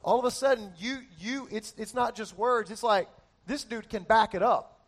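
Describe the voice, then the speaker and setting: Pastor guy preaching, high voice, lively and jokey, punches up his lists. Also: moderate pace. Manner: animated, builds emphasis with lists and jokes. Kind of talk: sermon. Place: church.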